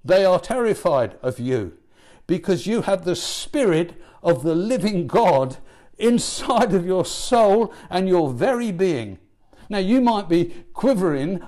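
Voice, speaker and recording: A male preacher delivering a sermon in a fairly high, very lively voice. He fires off rhetorical questions and swings up into emphatic, driving passages before dropping back down. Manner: animated, rhetorical questions, rising to emphatic peaks.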